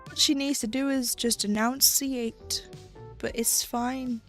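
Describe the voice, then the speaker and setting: A woman's voice: a little high, steady tone, takes it slowly, a bit bright, soft background music. A British woman streaming live, chatting casually while she cross-stitches, rambling and losing her thread. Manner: rambling, chatty, loses her train of thought.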